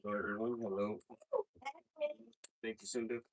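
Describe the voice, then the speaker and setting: A man performing a stand-up comedy set on a club stage, with a profane, halting delivery full of fillers. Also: fairly low pitch, level tone, a little hiss or hum. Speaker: stand-up comic. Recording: stage mic heard from afar.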